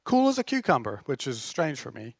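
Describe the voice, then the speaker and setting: A man's voice: medium pitch, wildly swooping pitch, brisk, breathy edge, dry recording. A man preaching a sermon as pastor, passionate and emphatic.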